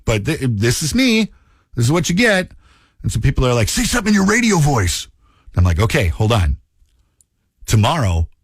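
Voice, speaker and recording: Brief: Minnesotan male radio host, lively pitch swings, dry studio sound. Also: no room sound. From Minnesota, USA. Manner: chatty, animated, self-mocking. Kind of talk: casual radio talk.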